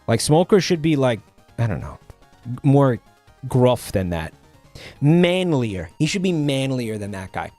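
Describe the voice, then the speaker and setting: A male streamer talking casually to his chat, stopping and restarting his sentences and trailing off with fillers. His pitch sits in an ordinary middle range, and his tone is offhand and a little sardonic. Soft music plays underneath. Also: very animated. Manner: rambling, halting, with many fillers and restarts.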